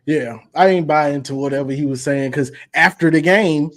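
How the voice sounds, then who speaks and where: A man's voice: fairly high pitch, moderate pace, fairly bright tone. A man hosting a casual college football call-in show, talking in a playful, slangy, teasing way.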